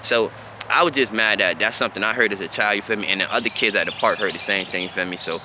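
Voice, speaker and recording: A man's voice: fairly low pitch, quick pace, noisy background. A man in his thirties from South Florida, telling a casual story about his teenage years in a loose, conversational way and often asking "you feel me?". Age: 30s. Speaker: vlogger.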